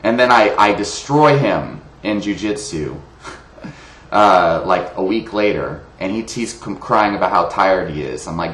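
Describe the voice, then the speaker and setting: A man's voice: low-pitched, lively intonation, measured pace, fairly bright tone. A man ranting in a casual vlog, heated, sarcastic and profane, wired on coffee. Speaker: vlogger. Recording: roomy echo.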